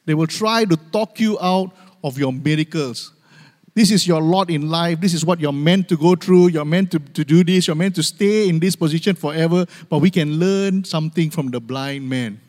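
In a church sanctuary with long hall reverb, a man delivers a sermon at normal speed, his pitch on the high side and slightly mellow. As pastor, he repeats key phrases and asks the congregation for amens.

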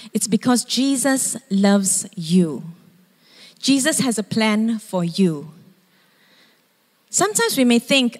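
A woman preaching a sermon, animated and asking her congregation questions, at times acting out shouting. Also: medium pitch. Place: church hall. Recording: reverberant church hall.

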